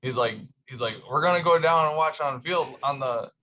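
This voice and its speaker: A man co-hosting a casual podcast, telling stories haltingly with frequent chuckles. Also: on the high side, pushed and bright. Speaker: podcast co-host. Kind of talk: casual chat.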